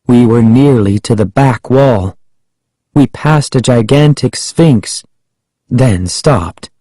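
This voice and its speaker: A man narrating a storybook in a measured first-person telling. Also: on the low side, mellow, no room sound, rough recording. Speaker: audiobook narrator.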